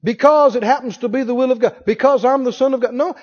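A pastor with a very high voice preaches to his congregation and keeps firing questions at them. His voice rings through a large hall with a long tail of reverb. The recording is dull and lo-fi. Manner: asks the congregation rapid questions. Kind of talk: sermon.

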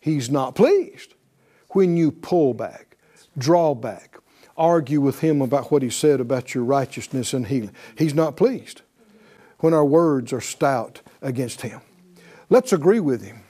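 Speaking at a measured pace with a medium pitch, this male pastor preaches with animation. He frequently laughs and urges the congregation to respond.

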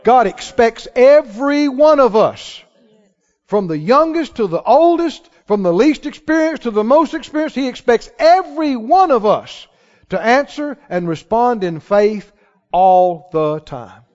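With an extremely high, slightly mellow voice, a pastor preaches a folksy, emphatic sermon that builds to exhortation. His intonation is lively and his pace a little slow. It was recorded in a church sanctuary, sounding dull and reverberant like a church hall.

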